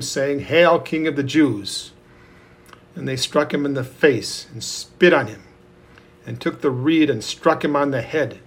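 A man reading scripture aloud in a steady, measured way. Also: fairly high pitch. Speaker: scripture reader.

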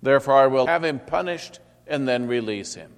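A man's voice: mid-range voice, moderate pace, smooth, pitched above the performer's own voice, natural voice. Governor figure read by a man: insistent, pleading, hall reverb. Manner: raised, insistent questioning. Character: Roman governor, troubled and pleading.

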